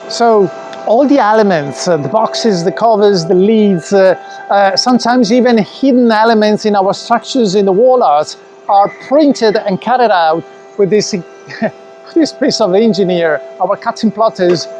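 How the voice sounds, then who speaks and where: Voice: medium pitch, a little slow, darkish tone, faint music behind. An eager company presenter guides a live tour through a large indoor warehouse. The delivery is enthusiastic and unscripted, full of restarts and small fillers.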